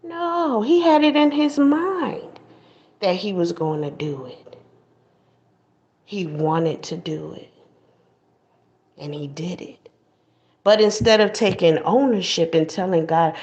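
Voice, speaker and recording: A woman's voice: lowish voice, animated, unhurried, long pauses, a little mellow, lo-fi sound. A woman host giving a blunt, preachy commentary monologue, mocking others in put-on voices.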